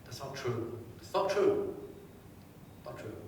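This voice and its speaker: A man giving a live seminar, quizzing the audience and telling anecdotes in a lively way. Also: mid-range voice, slow pace, slight background noise. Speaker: motivational speaker. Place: large hall with a live audience. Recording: echoey hall, distant mic.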